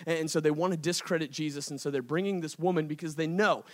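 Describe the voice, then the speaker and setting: A man preaching on stage, his voice sitting a little higher than most men's. He tells the story with lively, playful impressions and talks to the crowd in easy slang, calling them y'all. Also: fast talker. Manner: casual slangy delivery, addresses the crowd as y'all. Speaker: pastor. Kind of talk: sermon. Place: event stage before a live audience.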